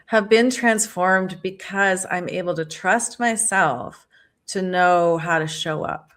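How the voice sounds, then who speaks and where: A woman's voice: lowish voice, slow, a bit bright. A woman author speaking as a podcast guest, earnest and enthusiastic, telling a personal story in a reflective, conversational way. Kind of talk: conversational interview.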